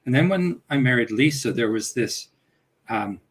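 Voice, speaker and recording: A middle-aged man, a guest family coach, speaking calmly and reflectively in a casual talk-show conversation. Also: medium pitch, normal speed, husky, rough recording.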